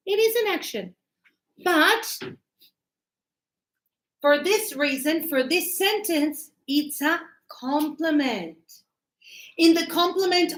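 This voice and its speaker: A woman's voice: high-pitched, reverberant. A middle-aged woman teaching a grammar lesson to a class, acting out little scenes with voices as examples. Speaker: English teacher.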